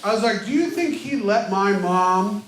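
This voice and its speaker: A man in his thirties from Indiana telling self-deprecating stories in a stand-up set, jumping into loud character voices. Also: high voice, animated, moderate pace, heavy background noise. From Indiana, USA. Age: 30s. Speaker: stand-up comedian hosting a show. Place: comedy club stage. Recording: very echoey live club recording with audience laughter. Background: crowd laughter.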